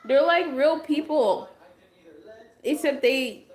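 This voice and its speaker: A livestream host speaks slowly in a high, slightly mellow voice. She keeps things chatty, talking directly to viewers and answering comments as they come in, but after talking for a long stretch she is losing her voice.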